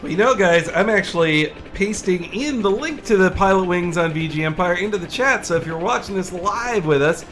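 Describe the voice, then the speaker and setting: Man, high bright voice, upbeat stream host, faint music. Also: animated, a little fast, hardly any pauses, slight background noise. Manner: upbeat, greets chat viewers. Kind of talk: casual stream chat.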